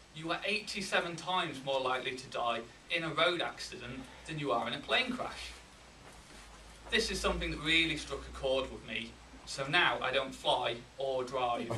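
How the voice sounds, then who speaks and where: A man with a Yorkshire accent giving a humorous contest speech, with deadpan timing and pauses for laughs. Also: mid-range voice, a little hiss or hum. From England. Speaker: contest speaker. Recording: roomy hall, mic from a distance.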